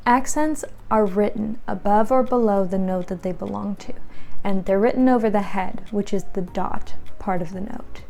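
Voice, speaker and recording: Woman, piano teacher, patient tutorial explaining, gravelly edge. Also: mid-range voice, dark tone. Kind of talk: instructional tutorial.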